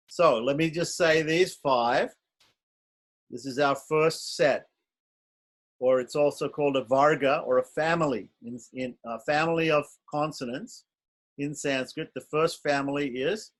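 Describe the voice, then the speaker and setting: A man's voice: fairly high pitch, unhurried. A man teaching Sanskrit consonants in an online class, patiently repeating each sound and explaining it step by step. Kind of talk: slow, patient online lesson.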